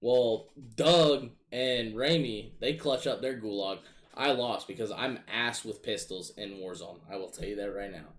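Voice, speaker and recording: A man casually telling gaming stories in a profane, animated, exasperated way. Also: fairly low pitch, unhurried. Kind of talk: casual storytelling chat.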